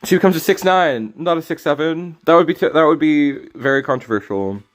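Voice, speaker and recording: A man streaming a card game, chatting casually with his viewers, teasing them and breaking into loud, sudden reactions. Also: a little high, fairly quick. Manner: casual, teasing banter with chat. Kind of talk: live game stream commentary.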